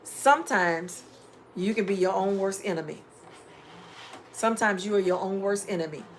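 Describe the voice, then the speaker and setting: A middle-aged woman vlogger chatting casually on a live stream, reading viewer comments and giving preachy, animated life advice. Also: medium pitch, normal speed, slight background noise. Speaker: home DIY vlogger.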